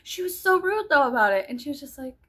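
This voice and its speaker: A woman's voice: high-pitched, very animated, quick pace, fairly bright tone. A woman from South Texas vlogging in a casual rambling monologue, chatty and joking, with frequent swearing and sudden drops to a whisper.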